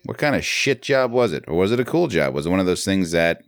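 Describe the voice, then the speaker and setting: A man with a very low voice, co-hosting a podcast and chatting loosely, swearing as he goes and laughing often. The sound is dry and close, with no room in it. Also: very animated, fast, no room sound. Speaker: podcast co-host. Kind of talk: casual chat.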